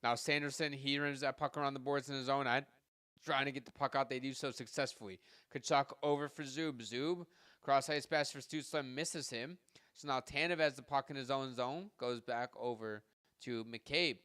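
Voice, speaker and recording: A man giving live hockey play-by-play from home, rattling off passes and shots and getting louder on goals, with casual asides to his listeners. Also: medium pitch, fairly even intonation, normal speed, clean tone, no room sound, studio quality. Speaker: podcast host doing live play-by-play.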